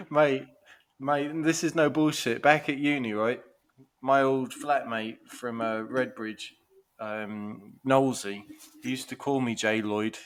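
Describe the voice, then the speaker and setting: A man's voice: medium pitch, fairly even intonation, slow. A man, co-hosting a podcast, swearing freely and laughing through his stories in casual banter. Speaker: podcast co-host.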